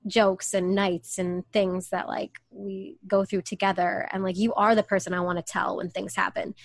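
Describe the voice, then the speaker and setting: A woman's voice: mid-range voice, level tone, normal speed, gravelly, no echo. A woman co-hosting a podcast, talking casually with lots of "um" and "like" fillers. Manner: chatty, many fillers like "um" and "like". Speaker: podcast co-host.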